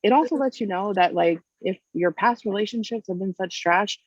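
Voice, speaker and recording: A woman's voice: mid-range voice, moderate pace, no room sound. Frank woman guest, muffled sound. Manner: rambling, frank, full of "like" and "you know". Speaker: podcast guest. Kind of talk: casual chat.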